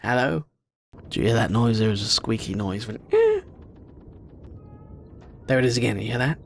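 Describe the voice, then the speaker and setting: Excitable young man commenting on a game. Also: on the low side, quick pace, gravelly, a little hiss or hum. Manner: excitable, swears and shouts at the game. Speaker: gaming video host. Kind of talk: let's-play commentary.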